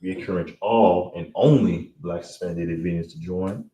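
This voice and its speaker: Deep-voiced man teaching pronunciation. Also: mellow. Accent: Chicago. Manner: patient, repeats words slowly, asks "you understand?". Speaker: online class teacher. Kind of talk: online language lesson, livestream. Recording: roomy echo, distant mic, faint noise.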